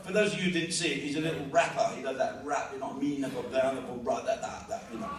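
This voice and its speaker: Talking very fast in a mid-range voice, a man in his fifties with a South London accent does a brash, foul-mouthed stand-up set. It's captured from far off in an echoey live venue before an audience.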